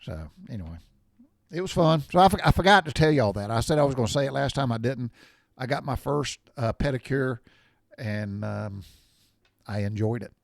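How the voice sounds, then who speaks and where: Older guy, 60s, rambly folksy vlog chat, mid pitch, dry close sound. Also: lively intonation, moderate pace, creaky, dry recording. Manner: rambling and folksy, wanders off topic. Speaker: vlogger. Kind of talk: casual chat.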